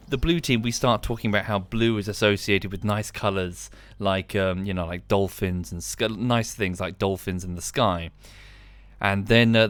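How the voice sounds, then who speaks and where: A man's voice: on the low side, clear, resonant tone, dry recording. A man, chatting casually on a live game stream, tired and dry, rambling with frequent ums.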